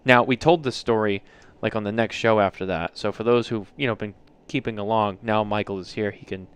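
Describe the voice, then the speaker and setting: A man's voice: fairly low pitch, fairly even intonation, a little fast, clean tone. A man hosting a podcast, chatting casually, joking and teasing his co-hosts with some swearing. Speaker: podcast host. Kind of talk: casual chat. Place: podcast studio lounge.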